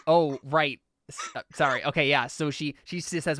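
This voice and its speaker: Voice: medium pitch, steady tone, moderate pace, a bit bright. A game master narrating a tabletop game in a casual, hesitant way, with lots of fillers.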